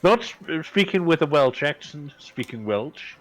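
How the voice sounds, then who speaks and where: A man playing a tabletop game, joking around in slow, unhurried speech. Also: a little high, lively intonation, faint music behind. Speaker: player. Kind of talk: casual tabletop role-play.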